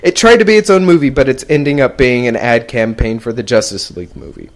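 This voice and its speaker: A man's voice: mid-range voice, fast. A young man hosting a casual gaming podcast, rambling and laughing as he goes. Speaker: podcast host. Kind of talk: casual chat.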